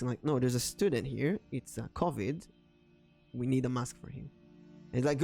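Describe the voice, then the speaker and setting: A man hosting a stream, telling a rambling story and then reading tarot cards in a casual, slightly halting manner, with frequent fillers. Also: medium pitch. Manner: rambling, animated when acting out dialogue. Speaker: tarot reader and streamer host. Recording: soft background music under the voice.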